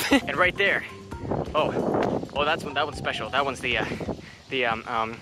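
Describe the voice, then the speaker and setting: A man's voice: on the high side, lively intonation, moderate pace, long pauses, pushed and bright. A young man casually vlogging a road trip and campus visit in a playful, jokey way. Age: young adult. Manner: playful and jokey, slipping into silly voices. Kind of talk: casual vlog narration. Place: outdoors on a college campus and in a car. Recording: music playing under the voice.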